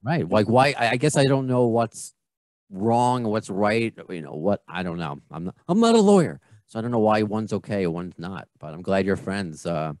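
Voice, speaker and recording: A man's voice: fairly low pitch, moderate pace, darkish tone, no echo. A man in his thirties hosting a podcast, chatting casually and rambling through his thoughts with frequent self-corrections. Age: 30s. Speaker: podcast host. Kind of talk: casual chat.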